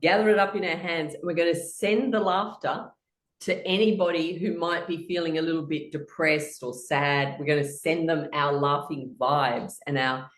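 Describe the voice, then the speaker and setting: A woman's voice: sits low, fairly even intonation, moderate pace, reverberant. A woman leading a guided laughter exercise, chanting rhythmic laughing sounds and giggling between her instructions. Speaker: laughter session leader.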